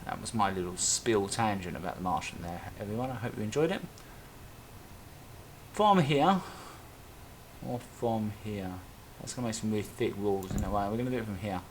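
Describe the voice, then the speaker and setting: A man's voice: lowish voice, fast, few pauses, slight background noise. Rambling man streaming a game. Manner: rambling, thinking aloud with self-talk and tangents. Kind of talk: casual live-stream commentary while playing.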